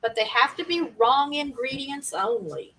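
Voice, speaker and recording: A woman's voice: high-pitched, lively intonation, a little slow, pushed and bright, distant mic, low-quality recording. A woman hosting a casual live-stream party game, chatty and laughing often as she reads out viewer comments.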